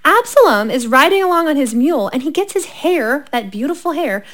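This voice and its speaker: A woman co-hosting a casual chat, retelling Bible stories in a lively way, laughing often and reading scripture aloud. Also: high voice, a little fast.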